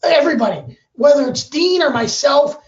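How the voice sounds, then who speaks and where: A man's voice: very high-pitched, big pitch swings, normal speed. A man hosting a live sales webinar, upbeat and pushy, often tacking on "okay?" and restarting his sentences. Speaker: webinar host. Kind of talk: energetic sales webinar pitch. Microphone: webcam. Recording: echoey room, dull audio.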